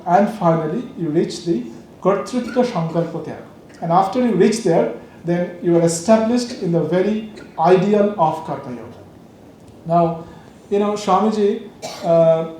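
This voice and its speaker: A man giving a measured spiritual lecture, explaining ideas and telling a story with frequent fillers. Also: high-pitched, mellow, slight background noise. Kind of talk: lecture on yoga philosophy. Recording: very echoey room.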